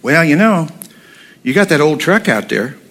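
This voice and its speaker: Guy imitating his practical wife, matter-of-fact, a bit higher, bright. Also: expressive, normal speed.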